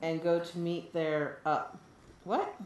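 A woman co-hosting a casual podcast, laughing often and turning animated when she jokes while she reads out listener mail. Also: fairly low pitch, slow. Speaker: podcast co-host reading listener email. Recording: roomy echo.

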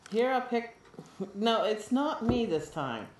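A woman co-hosting a casual podcast, laughing often and turning animated when she jokes while she reads out listener mail. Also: fairly high pitch, slow, a little hiss or hum. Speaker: podcast co-host reading listener email. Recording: roomy echo.

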